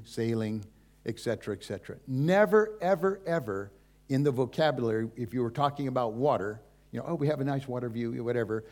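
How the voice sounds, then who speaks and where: A man's voice: mid-range voice, a little mellow. An older man preaching a sermon as pastor, in a folksy, conversational way full of asides and rhetorical questions.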